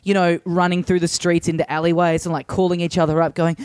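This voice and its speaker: A man co-hosting a podcast, telling animated anecdotes and acting out the quotes. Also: high voice, brisk, few pauses, dry recording. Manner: animated anecdote-teller who acts out quotes. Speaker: podcast co-host. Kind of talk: casual podcast chat.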